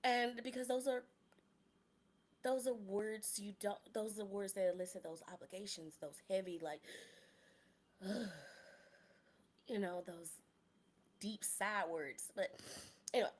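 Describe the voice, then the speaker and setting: A woman in her late thirties hosting a solo podcast, talking candidly in a chatty, slangy way that drops to soft murmurs and jumps to loud, excited bursts. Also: mid-range voice, slow, pauses often. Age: 30s. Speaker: podcast host. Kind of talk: casual solo podcast monologue.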